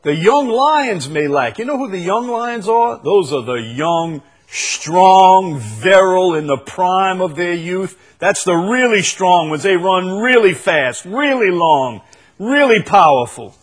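A man preaching a sermon, repeating key phrases and swinging between loud proclaiming and quiet intensity. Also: high voice, animated, slow.

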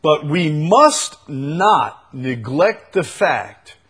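A man preaching a sermon, repeating key phrases and swinging between loud proclaiming and quiet intensity. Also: a little high, big pitch swings, very slow, slightly rough.

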